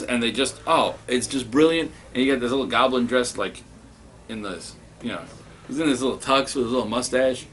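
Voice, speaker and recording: A man giving a casual spoken review of comics, excitable and rambling, with many restarts. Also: mid-range voice, a little hiss or hum.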